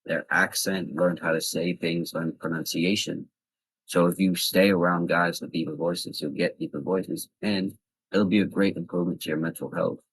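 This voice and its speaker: Young man, very low voice, slightly husky, dry close sound, casual advice vlog. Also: no room sound, poor audio. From US East Coast. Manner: earnest, loosely structured talk with fillers. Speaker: vlogger.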